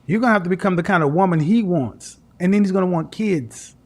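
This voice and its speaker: A man's voice: high voice, fast. A man hosting a call-in advice show, talking to a caller in a blunt, lecturing way. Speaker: dating coach host of a call-in show.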